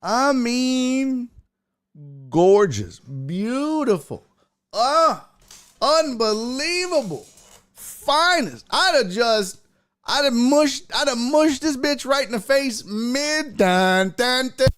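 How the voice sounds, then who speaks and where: A man's voice: very high voice, sing-song, slow pace, fairly bright tone. A man hosting a sports stream, telling a story with lots of cursing and quoted voices. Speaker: sports show host. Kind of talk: casual livestream chat and storytelling.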